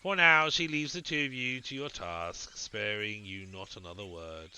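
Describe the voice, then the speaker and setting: A man's voice: on the low side, bright, forceful tone, clear, resonant tone, poor audio. Man reading a text game aloud. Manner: wry, quick asides. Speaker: let's play host.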